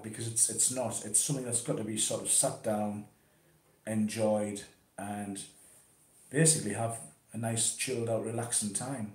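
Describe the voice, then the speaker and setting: A man's voice: fairly low pitch, steady tone, moderate pace, darkish tone, reverberant. A man chatting casually and laid-back about pipe smoking, swearing now and then, at home in his conservatory. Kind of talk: casual chat.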